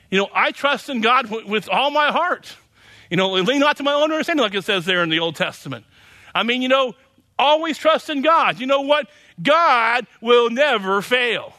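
A man's voice: extremely high pitch, bright, forceful tone. A man preaching a sermon as pastor, emphatic and repetitive, often tossing in "you know".

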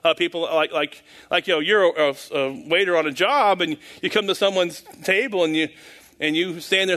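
A man's voice: fairly high pitch, fairly quick, a bit bright. A man giving an informal sermon in a folksy, rambling way, chuckling at his own jokes. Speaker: preacher.

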